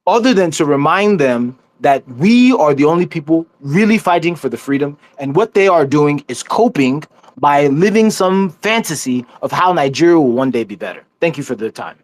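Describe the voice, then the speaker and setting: A man's voice: on the high side, expressive, moderate pace, no room sound. A man giving an impassioned, scornful political speech in an online discussion. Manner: forceful, scornful, preaching.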